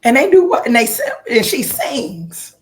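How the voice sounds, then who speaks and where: A woman's voice: fairly high pitch, normal speed, a little hiss or hum. Chatty woman co-host losing her voice. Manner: animated, playful asides and exaggerated reactions. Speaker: podcast co-host. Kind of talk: casual chat.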